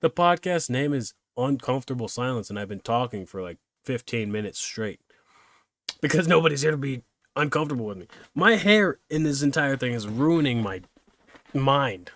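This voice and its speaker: A man's voice: medium pitch, expressive, normal speed, a bit bright, no room sound. A young man hosting a solo podcast, rambling and self-deprecating, laughing easily as he chats. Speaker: podcast host.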